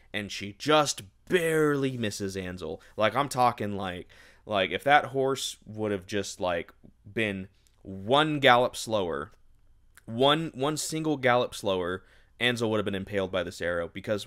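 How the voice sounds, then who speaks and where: A man's voice: fairly low pitch, a bit bright, clear, resonant tone. Sarcastic man ranting about a book. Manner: sarcastic, exasperated, rambling. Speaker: book reviewer. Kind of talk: casual book review rant.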